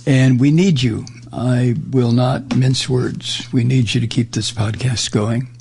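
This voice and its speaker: A man's voice: medium pitch, steady tone, slow pace, gravelly, darkish tone, slight background noise. A man hosting a political talk show, delivering a blunt, sarcastic, heated monologue into a studio microphone. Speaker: radio talk show host.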